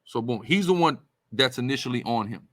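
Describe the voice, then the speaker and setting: A man's voice: medium pitch, animated, brisk, fairly bright tone, no echo. Guy preaching, emphatic, keeps repeating himself, dry close sound. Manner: emphatic, repetitive, conversational. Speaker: religious teacher. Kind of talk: preaching-style commentary.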